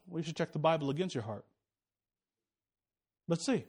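A male pastor preaching a sermon, animated, dropping low for asides and rising high for warnings. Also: normal speed, long pauses, breathy edge.

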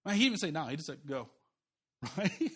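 High-voiced man preaching a sermon. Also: slightly rough. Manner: animated, conversational preaching with quick asides and repeated restarts. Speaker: pastor. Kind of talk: sermon with scripture reading.

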